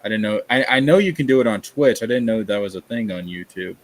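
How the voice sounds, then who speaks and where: A man's voice: fairly low pitch, quick pace. A man from Tennessee, chatting casually on a livestream, ranting and reading chat aloud. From Tennessee, USA. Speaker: streamer.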